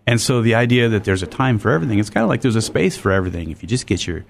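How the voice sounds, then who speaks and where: A man guests on a studio radio talk show as a business coach. He speaks in a low, easygoing voice and talks things through casually with a few fillers. Faint background noise sits under him. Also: racing, creaky. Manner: relaxed, conversational, with fillers. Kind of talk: radio interview.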